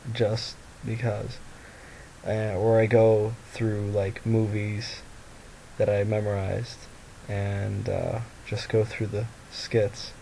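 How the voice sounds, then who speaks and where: Tired young man with a gravelly voice. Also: fairly low pitch, dark tone, a little hiss or hum, poor audio. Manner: rambling, lots of fillers and restarts. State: tired, sleepy voice. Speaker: vlogger. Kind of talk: casual confessional vlog. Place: at home by a mirror.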